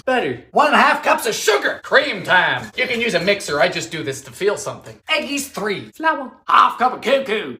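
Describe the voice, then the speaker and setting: A man with a wildly swinging, animated voice tosses off campy, sarcastic one-liners and bursts into loud exclamations. He sounds like he's in a roomy, echoey kitchen. His delivery is theatrical and playful. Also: high-pitched. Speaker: home baker. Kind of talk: comedic vintage-recipe cooking narration.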